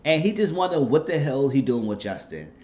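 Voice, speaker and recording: A man recaps a TV drama episode for his channel in a loose, conversational way. His mid-range voice moves through lively retelling and quick asides. The recording is dull and lo-fi with a faint hum underneath. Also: medium pitch. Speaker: YouTube show recap host. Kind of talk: casual TV recap.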